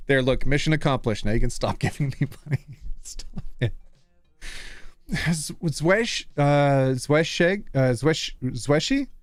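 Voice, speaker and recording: A man's voice: medium pitch, no room sound. A man from Canada, a streamer in casual live-stream chat, bubbly and playful with a lot of laughter.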